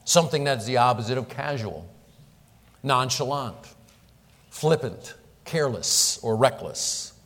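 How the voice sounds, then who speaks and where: A middle-aged man, a pastor, leading a prayer and then preaching with earnest, emphatic delivery and deliberate pauses. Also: mid-range voice, lively intonation, a bit bright. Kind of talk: prayer and sermon. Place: church sanctuary. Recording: long reverb of a church hall.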